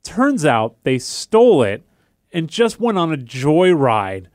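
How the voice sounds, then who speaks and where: Young male podcast co-host, slightly high voice, lively storyteller, dry close mic. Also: slow pace, no room sound. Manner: animated storyteller acting out quoted voices. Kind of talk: casual chat, storytelling.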